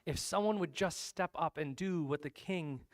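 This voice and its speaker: A male pastor preaches with an animated storytelling style, slipping into casual asides. His voice sits on the high side for a man. The sound is dry and close, with no room echo. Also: normal speed. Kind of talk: sermon.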